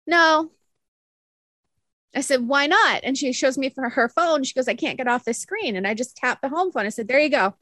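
A young woman telling a story on a podcast, animated and laughing often as she acts out what others said. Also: high voice, fast, few pauses, dry recording. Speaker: podcast co-host. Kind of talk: casual storytelling chat.

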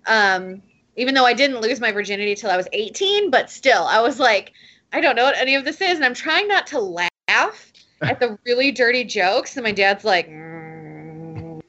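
Animated high-voiced young woman laughing through stories. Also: moderate pace, highs cut off. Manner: animated storyteller, laughs loudly mid-sentence. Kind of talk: casual chat.

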